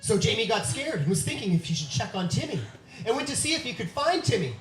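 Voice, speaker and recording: Sing-song and fast, a medium-pitched host playfully tells a children's story at a live theatre event, hamming up the scary moments over faint music. The room echoes, the mic is distant, and there's noise.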